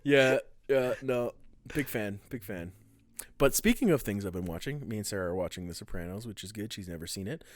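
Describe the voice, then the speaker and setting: A man's voice: on the low side, animated, brisk, no room sound, clean studio sound. A young man co-hosting a podcast in loose, casual chat, cursing freely and laughing between lines. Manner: laid-back, swears often, laughs between lines. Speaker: podcast co-host.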